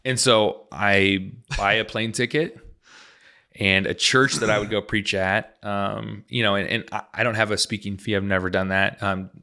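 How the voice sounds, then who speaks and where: Lower-voiced man telling his story brightly. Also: normal speed. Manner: animated, acts out quoted dialogue, many "like" fillers. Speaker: podcast guest, missionary. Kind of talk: personal storytelling in a conversational interview.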